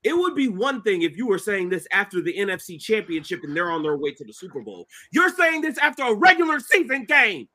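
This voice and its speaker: A man's voice: sits high, sing-song, brisk, hardly any pauses, bright, forceful tone. A man on a sports debate panel, dismissive and trading insults with the others.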